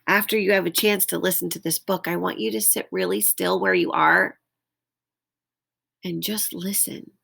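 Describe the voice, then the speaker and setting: A woman's voice: lowish voice, creaky, husky. A woman reading a picture book aloud to young children at home, stopping to ask them to copy animal sounds. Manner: slow, expressive, invites listeners to make animal noises. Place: at home, indoors.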